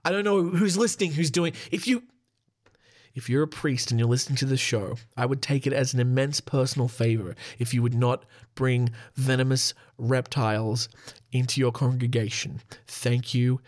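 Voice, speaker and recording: Speaking in a mid-range voice at a moderate pace, a man hosts a laid-back solo podcast. He works through a list, laughing at his own remarks. He often breaks off for an irreverent joke.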